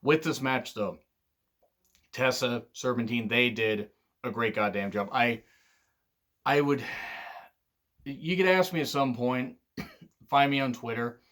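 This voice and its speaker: A man casually talking through his favorite wrestling matches, candid and excitable, swearing freely. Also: mid-range voice, slow, long pauses. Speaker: wrestling reviewer. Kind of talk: casual commentary vlog.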